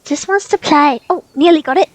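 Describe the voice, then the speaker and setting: A woman live-streaming a video game, chatting casually in a soft-spoken way and cooing fondly at her dogs. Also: high voice, brisk, no echo, low-quality recording.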